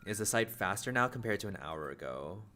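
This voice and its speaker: A man streaming casually to his viewers, talking fast in rambling, run-on thoughts, sometimes stuttering, mumbling and repeating words. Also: fairly low pitch, animated, bright, forceful tone, soft background music.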